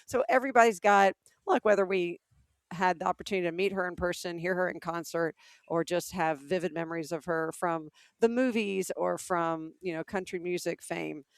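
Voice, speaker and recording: Gravelly-voiced woman telling stories on a podcast. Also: fairly low pitch, normal speed, no room sound. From American South. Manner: animated storyteller, acts out quoted voices. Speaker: podcast co-host. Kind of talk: casual chat.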